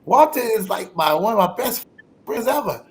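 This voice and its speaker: A man hosting a podcast interview in a casual, animated way, often laughing and calling out to listeners. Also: high voice, normal speed, over a noisy crowd. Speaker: podcast host.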